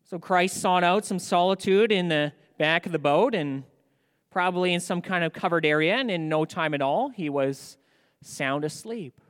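A male pastor preaching a sermon in a church, animated and asking rhetorical questions. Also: high voice, moderate pace, smooth, long reverb tail.

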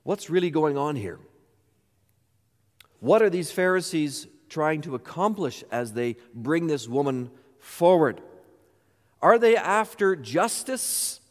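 A man's voice: on the high side, sing-song, slow pace, in a large hall. A man pastor delivering a sermon, emphatic and full of rhetorical questions.

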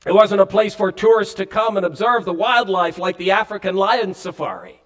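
A man's voice: sits high, animated, moderate pace, a bit bright. A male pastor preaching a sermon earnestly, with emphatic rises and falls.

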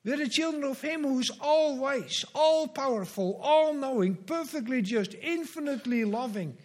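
A man with a high voice preaches a sermon in an earnest, measured way. He leans on slow, emphatic repetitions as he addresses the congregation. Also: lively intonation. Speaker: pastor.

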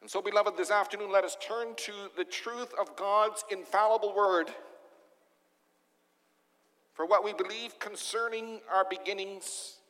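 A man delivers a sermon from the pulpit, pressing his points with repeated rhetorical questions. His voice sits high for a man. Long reverb trails behind his words, as in a large church. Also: steady tone, a little slow, sharp tone. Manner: emphatic preaching with rhetorical questions. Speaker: pastor.

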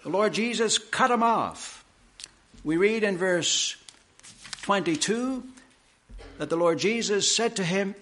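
A man preaching a sermon, slow and emphatic, with deliberate pauses. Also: high voice, sharp tone. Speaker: pastor.

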